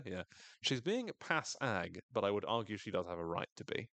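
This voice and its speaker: Guy with a lowish voice doing a swear-heavy tv recap, dry close sound. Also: normal speed, no room sound. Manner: animated, sweary and wry. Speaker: podcast co-host recapping a TV episode. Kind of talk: casual recap chat.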